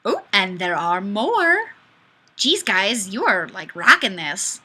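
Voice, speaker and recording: Bright, lively woman hosting a webcam show. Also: mid-range voice, slow, husky. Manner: playful, animated, often laughing. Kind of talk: casual live webcam chat.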